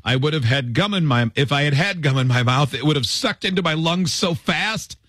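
A man's voice: on the high side, moderate pace, dry recording. A man in his twenties hosting a talk radio show in a studio, telling stories with self-mocking humor. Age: 20s. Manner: animated storyteller, self-mocking. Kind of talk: lively talk radio chat, reading listener stories.

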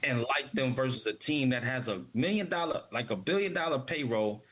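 A man's voice: medium pitch, animated, brisk, a bit bright, husky. A man co-hosting a casual sports talk show, speaking emphatically and often repeating words as he starts his points.

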